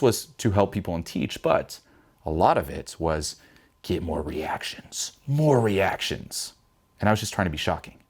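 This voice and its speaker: A young man giving blunt, profane self-help advice, mimicking panicked voices in a higher pitch. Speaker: vlogger giving life advice. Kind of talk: direct-to-camera self-help talk.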